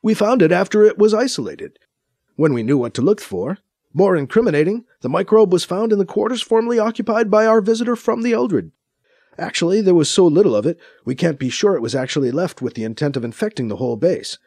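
A man voicing a calm, telepathic male base commander with a wry, authoritative manner. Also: high voice, fast talker, no room sound, clean studio sound, voice pushed up.

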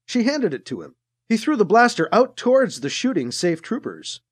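An audiobook narrator reading an action story in a lively storytelling manner. The voice ranges very widely in pitch. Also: normal speed, husky. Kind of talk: scripted narration.

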